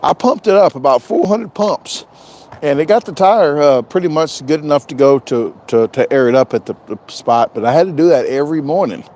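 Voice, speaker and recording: A man's voice: on the high side, expressive, a little fast, a little mellow. A man chatting casually on a live stream, rambling and joking, often repeating himself. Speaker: vlogger doing a live stream.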